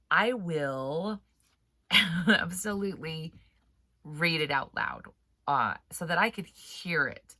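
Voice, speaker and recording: A woman's voice: deep voice, pushed and bright, no room sound. A woman author hosting a casual writing-advice vlog, talking in a rambling, chatty way with frequent laughs and a stuffy nose from allergies. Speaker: author and writing coach host.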